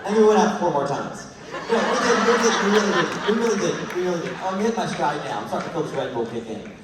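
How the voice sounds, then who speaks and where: A man's voice: high voice, lively intonation, fast, a loud crowd, heavy background noise. A man, an actor at a fan panel, telling rambling comedic stories on stage and laughing through them. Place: large convention hall with audience. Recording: echoey hall, voice from far off.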